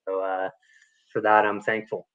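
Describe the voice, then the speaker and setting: A man's voice: lowish voice, little pitch movement, a little slow, fairly bright tone. Brief: man guest, dry understated replies, muffled video-call audio. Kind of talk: casual live stream interview.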